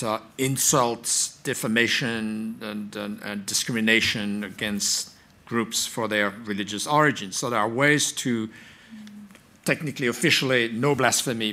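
A man's voice: on the low side, sharp tone. A man chairing a conference panel in a conference room, repeating words and restarting as he introduces the speakers.

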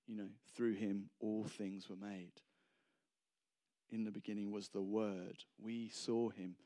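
A man's voice: lowish voice, flat delivery, slow pace, warm tone. A man preaching a casual, humorous sermon, rambling and self-deprecating between anecdotes.

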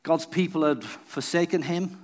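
A man's voice: a little high, measured pace, a little mellow. A man preaching a sermon as a visiting preacher, telling a personal story and acting out the people he quotes.

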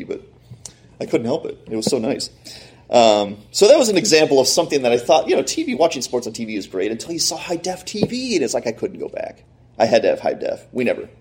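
A middle-aged man telling a personal story in a sermon, acting out the voices of the people he quotes. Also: mid-range voice. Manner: animated, acts out quoted voices.

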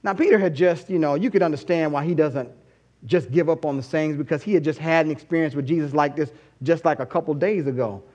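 A male pastor preaches in an animated storytelling style and keeps asking his listeners rhetorical questions. His voice sits high for a man. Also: muffled recording. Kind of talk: sermon.

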